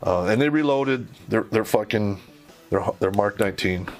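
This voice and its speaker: A lower-pitched man tells a war story in loose, swearing-heavy talk. He puts on the voices of the people he quotes, with faint music behind him. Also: normal speed. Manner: profane, animated, acts out quoted voices. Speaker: podcast host telling a war story. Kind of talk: casual storytelling.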